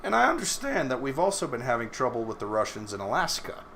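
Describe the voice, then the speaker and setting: A man's voice: medium pitch, very animated, quick pace, gravelly, pushed and bright. A podcast host with an ordinary mid-range male voice moves from reading a news story aloud into loose, blunt commentary. His tone is casual and joking, and a faint hiss sits under the recording. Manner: reads articles aloud then riffs with blunt, joking opinions.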